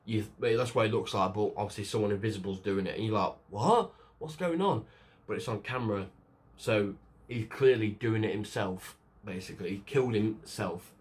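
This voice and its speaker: Guy rambling through a movie plot, lowish voice, lots of ums and restarts. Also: steady tone, brisk. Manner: rambling, lots of fillers and restarts, acts out quotes. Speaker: film reviewer. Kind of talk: casual spoken film review.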